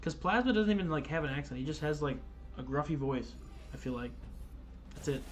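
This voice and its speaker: Man, livestream host, fairly high voice, loose casual chatter, swears a lot, faint music behind. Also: expressive, fairly quick. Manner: loose and chatty, swears, many fillers and restarts. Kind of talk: casual gaming livestream chat.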